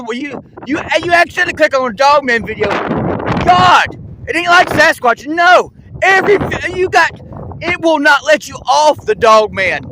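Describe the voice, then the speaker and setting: A man's voice: very high-pitched, noisy background. A man in a rambling, accusatory monologue, firing rhetorical questions at another creator and restarting his sentences often.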